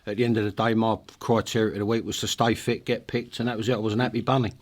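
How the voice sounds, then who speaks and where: A man's voice: lowish voice, level tone, rapid-fire. A middle-aged man from East London with a London accent, a podcast guest telling blunt, sweary stories with frequent laughter. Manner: blunt, sweary storyteller who laughs a lot. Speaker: podcast guest, former football manager. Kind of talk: casual chat.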